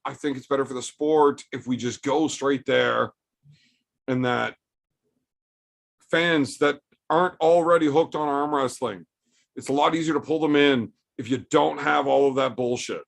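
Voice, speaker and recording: A man's voice: on the high side, unhurried, gravelly. A man, an arm wrestler, hosting a livestream in a loose chat style, answering viewers' super chats with blunt, profane opinions.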